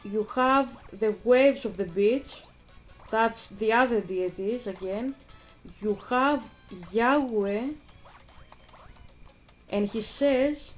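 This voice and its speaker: Brief: woman streamer, slightly high voice, rambling repetitive chat over a game, faint music behind. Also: takes it slowly, pauses often. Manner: rambling, repeats herself, breaks off for game moves. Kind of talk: casual livestream chat while gaming.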